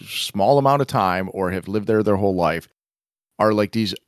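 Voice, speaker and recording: A man's voice: on the low side, moderate pace, no echo, clean studio sound. A man co-hosting a film podcast in casual chat, laughing often and poking fun at himself while he reads from a screenplay. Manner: chuckling, self-deprecating, reads script aloud. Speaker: podcast co-host.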